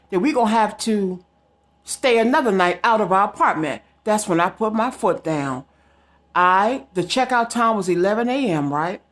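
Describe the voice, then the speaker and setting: A woman telling a story straight to her viewers in a casual vlog, emphatic and direct. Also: mid-range voice. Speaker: psychic vlogger.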